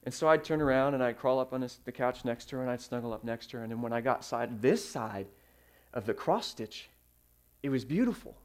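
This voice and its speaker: A man preaching a sermon, telling stories with fillers and sudden swings in loudness. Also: medium pitch, expressive, a little fast. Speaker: pastor.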